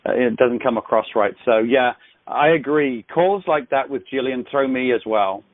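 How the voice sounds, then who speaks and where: A man's voice: mid-range voice, normal speed, dry recording. A man leading a sales accountability call on a headset, coaching with effusive praise and frequent restarts. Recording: tinny phone line, dry.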